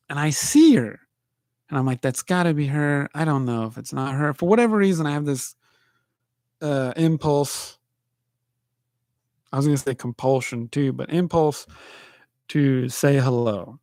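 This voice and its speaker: A man talks alone on his livestream podcast, meandering through awkward personal stories and poking fun at himself. He often stops mid-thought and starts over. His voice sits a bit high for a man, and the sound is dry and close, with no room around it. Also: a little mellow, no echo. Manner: self-deprecating, halting storytelling with restarts. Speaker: podcast host. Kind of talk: rambling solo monologue. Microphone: livestream mic.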